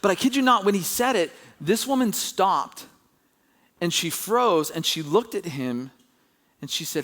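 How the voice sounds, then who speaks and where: A man preaching a sermon as pastor, telling a story with animated, rising emphasis when excited. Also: high-pitched, unhurried.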